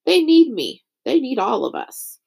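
A woman's voice: sits high, huge pitch swings, a little slow, creaky, dark tone, husky, pitched above the performer's own voice, full character voice. A woman reading a pompous, learned, stubborn old man in a storybook.

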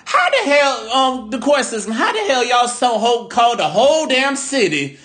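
Guy cohost telling wild stories, cussing a lot, high voice that jumps all over. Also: normal speed. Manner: animated, profane storytelling. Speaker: podcast co-host. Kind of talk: casual chat.

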